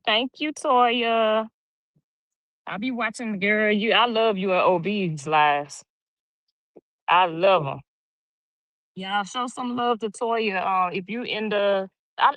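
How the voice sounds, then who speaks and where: A woman's voice: a little high, dry recording. A middle-aged woman from Louisiana with a Louisiana twang, chatting casually on a livestream, reading comments and gossiping with a laugh. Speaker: livestream host. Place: home.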